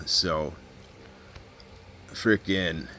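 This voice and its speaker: A man's voice: sits low, drawn-out words, sharp tone, slight background noise. A man telling a story from prison in a casual, rambling way, full of fillers, restarts and swearing. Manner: rambling, heavy fillers and profanity, frequent restarts. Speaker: vlogger recounting prison stories.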